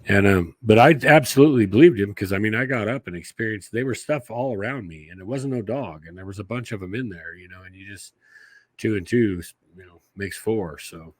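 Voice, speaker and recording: Podcast guest, man, low voice, dry close sound, folksy rambling storyteller who swears easily. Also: brisk, no room sound. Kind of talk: casual storytelling.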